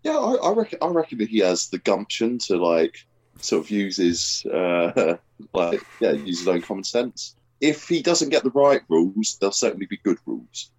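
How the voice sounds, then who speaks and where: A man chatting as a podcast guest, hesitant and full of "like", his voice jumping up high. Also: very animated, normal speed, darkish tone, husky. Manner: hesitant, lots of "like", pitch jumps high. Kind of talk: casual chat.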